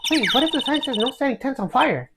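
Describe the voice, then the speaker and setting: A woman's voice: sits high, very animated, fast, very noisy. A woman doing a bubbly young sidekick. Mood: playful. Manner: bubbly, playful, teasing. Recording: loud game music behind.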